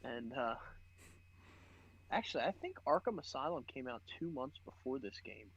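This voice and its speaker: A young man rambles casually about video games while he plays, laughing and swearing often. His voice is a little husky and sits at an ordinary middle pitch. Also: lively intonation, moderate pace, highs cut off. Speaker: podcast co-host. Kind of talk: casual gaming chat while playing.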